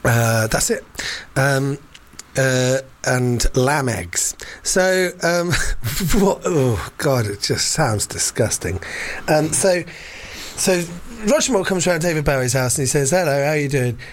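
A man's voice: mid-range voice, expressive, slow. A man telling a story in casual chat, rambling with fillers and laughs.

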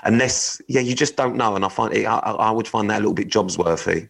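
A low-voiced man co-hosting a chatty podcast. He talks bluntly and swears freely, teasing his co-host while reading out odd news stories. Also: quick pace, creaky, fairly bright tone, slightly rough, rough recording. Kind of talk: casual chat, reading news items.

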